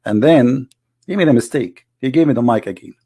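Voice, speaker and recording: A man's voice: mid-range voice, brisk, mellow, slightly rough. A man with an English, mocking and argumentative, commenting over a replayed debate video and repeating his points. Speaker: online debate host.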